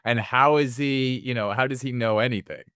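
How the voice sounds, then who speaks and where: A man's voice: mid-range voice, brisk, a bit bright, no room sound, clean studio sound. A man co-hosting a movie podcast, chatting casually and rambling, often acting out imagined lines from other people. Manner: rambling, acts out imagined quotes in voices. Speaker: podcast co-host. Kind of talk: casual film discussion.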